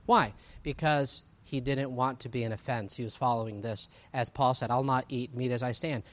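A man, preaching a sermon in a conversational, animated way, full of asides and rhetorical questions. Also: medium pitch, moderate pace. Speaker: pastor.

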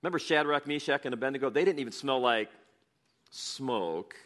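A man preaching through a scripture passage, reading it aloud with animated, chatty asides and chuckles. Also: mid-range voice, fairly quick. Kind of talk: expository sermon reading scripture.

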